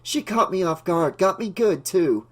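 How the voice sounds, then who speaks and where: Brief: male narrator doing a teen girl, high and shrill, scared but stubborn, audiobook read. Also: lively intonation, unhurried. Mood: bitter, shaky. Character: frightened teenage girl, shaken but stubborn.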